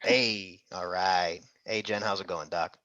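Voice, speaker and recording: Upbeat bright-voiced male tutor. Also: low-pitched, fairly even intonation, takes it slowly, no room sound, highs cut off. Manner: upbeat, coaxing, calls on students by name. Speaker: medical exam tutor. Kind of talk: interactive online class.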